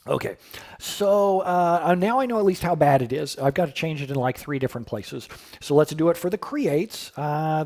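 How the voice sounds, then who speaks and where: Animated man thinking aloud while coding. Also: mid-range voice, gravelly. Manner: thinking aloud, exclamatory, reads chat questions. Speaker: developer live coding. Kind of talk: casual live-stream coding talk.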